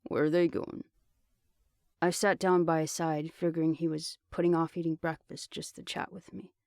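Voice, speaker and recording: A man narrating an audiobook in the first person, telling the story at a steady pace. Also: fairly high pitch, a little fast, gravelly, no room sound, studio quality. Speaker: audiobook reader.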